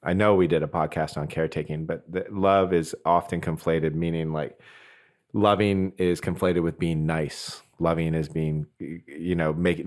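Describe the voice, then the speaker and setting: Super deep voiced guy hosting a podcast, earnest, thinking out loud. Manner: earnest, reflective, thinks aloud with restarts. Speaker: podcast host. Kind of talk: conversational podcast talk.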